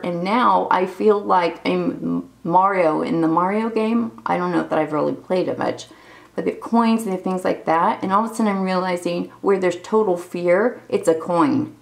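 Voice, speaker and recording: Woman, 40s, low gravelly voice, candid rambling vlog confessional. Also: moderate pace, low-quality recording. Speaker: vlogger. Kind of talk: unscripted personal video diary.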